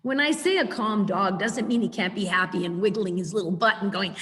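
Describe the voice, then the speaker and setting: A woman giving a chatty, animated webinar lecture as a dog trainer over a video call. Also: on the high side, normal speed, hardly any pauses, in a large hall.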